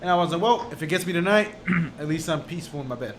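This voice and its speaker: A young man co-hosting a casual podcast, telling animated stories, laughing often and swearing. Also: on the high side, fast talker, slight background noise. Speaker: podcast co-host. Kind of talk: casual chat.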